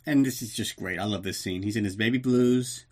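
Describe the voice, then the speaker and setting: A man's voice: fairly low pitch, darkish tone. A man hosting a podcast, recapping a movie in a loose, profane, joking way. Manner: profane, jokey, does quick voices for characters. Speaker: podcast host. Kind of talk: casual comedic movie recap.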